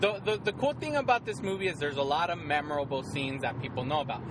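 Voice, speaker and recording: A man chatting casually about a movie, excitable and laughing often as he retells scenes. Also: on the high side, fast, noisy background. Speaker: co-host of a movie discussion. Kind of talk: casual chat.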